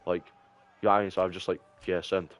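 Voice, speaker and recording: A man's voice: sits low, flat delivery, very fast, fairly bright tone, no echo. Rambling, swearing Scottish guy. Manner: rambling, heavy swearing, lots of fillers. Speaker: streamer. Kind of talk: casual chat.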